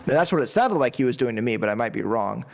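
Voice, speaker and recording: A man's voice: medium pitch, lively intonation, quick pace, gravelly. A man chatting casually in a music review, enthusiastic and rambling with lots of fillers. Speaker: podcast panelist.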